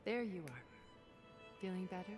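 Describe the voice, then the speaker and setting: A woman voicing a poised, elegant older woman in a video game cutscene, speaking in a refined, measured way. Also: fairly low pitch, big pitch swings. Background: game music.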